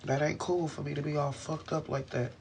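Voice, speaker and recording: A man in pain vents his frustration in a rambling, profane stream and talks to his camera from inside a car. His voice sits a little high for a man. A faint hiss of noise runs underneath. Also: flat delivery, a little fast, creaky, a little mellow. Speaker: vlogger. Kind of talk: emotional venting to camera.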